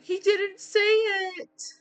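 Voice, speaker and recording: A woman playing through a story game, reacting emotionally out loud and talking to her viewers. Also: very high voice, flat delivery, extremely slow, faint music behind. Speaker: let's play gamer.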